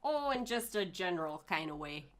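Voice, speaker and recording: A woman's voice: on the low side, big pitch swings, normal speed, crowd noise. A woman co-hosting a game livestream, chatty and giggly, reading viewer comments aloud. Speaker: co-streamer. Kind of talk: let's play commentary.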